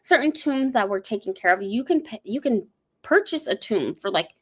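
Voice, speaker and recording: A woman's voice: on the high side, lively intonation, moderate pace. A woman hosting a livestream, chatting casually and rambling through a story with lots of fillers. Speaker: host. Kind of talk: casual chat.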